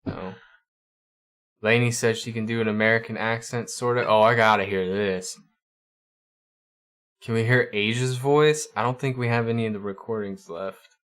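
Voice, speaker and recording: Halting man hosting a casual stream. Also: on the low side, a bit bright. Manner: halting, often repeats words. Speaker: livestream host. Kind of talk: casual chat with viewers.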